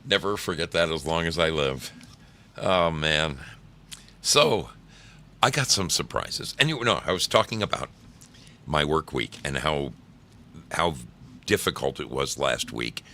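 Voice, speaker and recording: A man's voice: a bass voice, expressive, a little slow, pauses often, sharp tone. A middle-aged man hosting a live stream, greeting chat by name and telling laid-back, swearing work stories.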